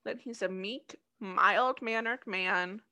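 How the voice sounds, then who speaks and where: A woman's voice: medium pitch, takes it slowly, sharp tone. A woman co-hosting a podcast in casual chat, debating in a playful, teasing way. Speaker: podcast co-host.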